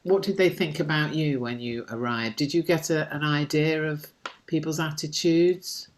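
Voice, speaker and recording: A woman's voice: low voice, normal speed, a little hiss or hum. A woman from England, interviewing in a chatty way with frequent hesitations. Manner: chatty, warm questions with hesitations. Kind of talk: casual interview.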